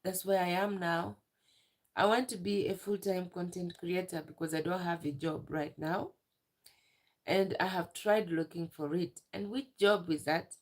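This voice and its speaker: A young woman chatting on a phone livestream from a village house, halting and tearful as she answers viewers. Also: on the low side. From Uganda. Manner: slow and halting, emotional, answering viewer comments. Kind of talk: casual livestream chat.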